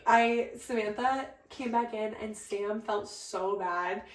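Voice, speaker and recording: A woman's voice: medium pitch, slow pace. A young woman co-hosting a podcast, animatedly telling a story in casual chat and acting out what others said. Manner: animated storyteller acting out quoted voices, chatty. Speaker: podcast co-host, the bride. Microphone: podcast microphone. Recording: roomy, distant mic.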